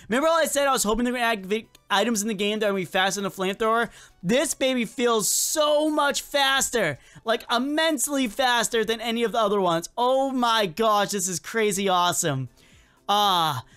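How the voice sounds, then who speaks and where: A gaming channel host giving excitable, chatty let's-play commentary, often repeating the same phrase several times. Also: medium pitch.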